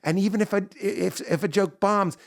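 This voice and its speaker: Animated man telling a long story. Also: sits high, moderate pace, vocal fry, dry recording, studio quality. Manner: animated, acts out bits in character voices. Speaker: guest comedian. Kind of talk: podcast interview chat.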